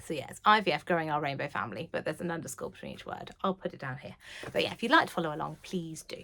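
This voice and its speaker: A woman in her thirties with a deep, creaky voice talks very fast. A sewing vlogger in her home sewing room, she chats casually to camera about sewing, gushing away and dropping to a whisper when she gets excited.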